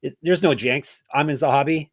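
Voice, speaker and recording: A man's voice: a little high, moderate pace, husky, dry recording, studio quality. A man hosting a sports betting podcast, chatting casually, joking and plugging links. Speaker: podcast host.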